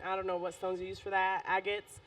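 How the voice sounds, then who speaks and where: A woman's voice: medium pitch, flat delivery, fairly quick, a bit bright, recorded from a distance. A woman co-hosting a casual chat, loose and chatty, laughing often. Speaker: podcast co-host.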